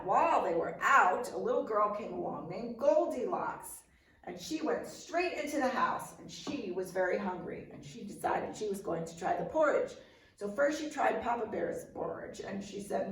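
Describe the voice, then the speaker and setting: A woman librarian telling a bedtime story to children in a slow, gentle and expressive way, heard from a distant mic in a roomy space. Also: medium pitch.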